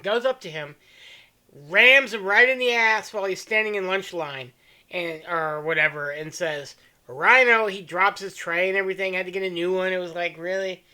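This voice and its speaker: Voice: medium pitch, normal speed, pushed and bright. A podcast host telling crude, joking stories in a casual chat.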